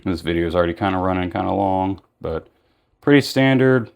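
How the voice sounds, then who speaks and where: A man with a slightly low voice talks through a toy unboxing in a loose, rambling way. He sounds tired, filling gaps with "like" and correcting himself as he goes. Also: lively intonation, brisk, vocal fry, smooth. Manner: rambling, filler-heavy, self-correcting. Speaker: toy reviewer. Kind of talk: casual unboxing vlog.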